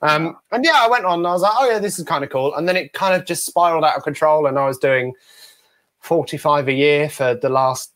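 A young English man in his twenties, a ventriloquist guest telling lively stories in a casual interview and acting out the voices in them. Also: a little high, brisk. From England. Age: 20s. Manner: animated storyteller who acts out quotes.

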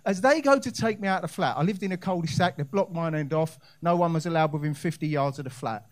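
A brash male stand-up comedian spins a long story on a comedy club stage. His voice sits a bit high for a man, and he keeps turning to talk straight to the crowd. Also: fast talker. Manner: brash, addresses the crowd directly.

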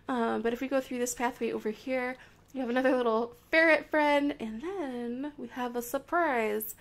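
A young woman with a high, light voice talks through her game in casual commentary. She is bubbly and playful, gushing warmly, and jumps between excited squeals and soft, murmured asides. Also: moderate pace. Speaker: Minecraft video creator.

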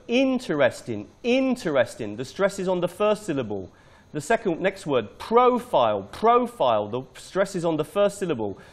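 A middle-aged teacher trainer from Britain, his voice high-pitched, walks through an informal live demonstration of a teaching tool step by step.

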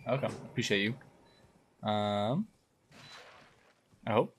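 A young man streaming a game live, chatting along casually and breaking into loud excited exclamations. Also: lowish voice, takes it slowly, husky. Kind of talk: live gameplay commentary.

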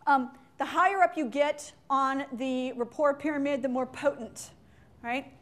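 Woman workshop trainer, high voice, playful chatty teaching style, meeting room. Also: a bit bright. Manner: playful, chatty, quick asides and acted-out examples. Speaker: leadership and sales trainer. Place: meeting room with window blinds.

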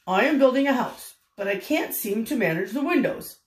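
A woman's voice: on the high side, expressive, moderate pace, lightly acted. An older woman voicing an earnest, friendly male bear building his own house in a storybook, sounding eager and pleading. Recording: roomy echo.

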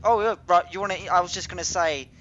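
A young man co-hosting a gaming video, chatting casually over gameplay in a rambling, excitable way. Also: sits high, quick pace, dull audio, a little hiss or hum. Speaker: gaming channel co-host.

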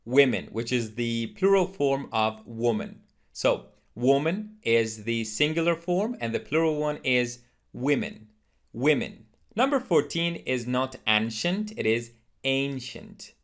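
A man teaching an online English pronunciation lesson at a middle pitch. He says each word, then says it again slowly and deliberately so learners can copy it. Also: animated. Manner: slow, deliberate repetition of words for learners. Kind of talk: scripted lesson to camera.

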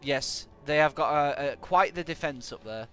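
A man's voice: on the high side, normal speed, clear, resonant tone. A man giving jokey, sarcastic live commentary while he plays a game. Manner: jokey, sarcastic, animated, bursts of exclamations. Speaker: live-streaming gamer. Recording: faint music in the background.

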